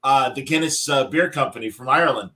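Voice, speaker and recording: Jokey bright-voiced man. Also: medium pitch, slight background noise. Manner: quick, jokey, playful. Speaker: podcast co-host. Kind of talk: casual banter.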